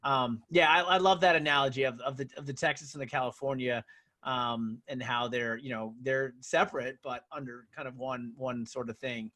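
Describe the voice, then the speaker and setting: A man's voice: mid-range voice, steady tone, normal speed, bright, forceful tone. A man hosting a podcast, chatting agreeably with his guest and using lots of "like" and "you know". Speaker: podcast host. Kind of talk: casual interview talk.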